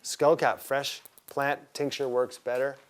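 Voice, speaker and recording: A man leads a live herbalism class in a casual, enthusiastic way, stopping to quiz his students. His voice sits at an ordinary middle pitch for a man, and his pace is relaxed and conversational. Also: unhurried, slight background noise. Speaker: herbalism teacher.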